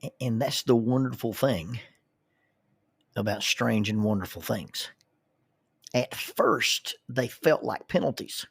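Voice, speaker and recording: A man's voice: medium pitch, slow pace, gravelly, long pauses, husky, dry recording. Folksy man telling a story, dry sound. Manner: folksy, repeats words when starting a thought. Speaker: counselor and minister telling stories. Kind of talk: storytelling monologue.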